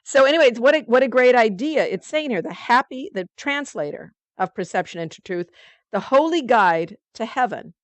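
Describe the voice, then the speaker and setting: A woman's voice: fairly high pitch, expressive, moderate pace, no echo. A woman leading a spiritual study group. She reads passages aloud and talks about them in a loose, conversational way with many fillers. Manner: reads passages aloud, then comments in a chatty way.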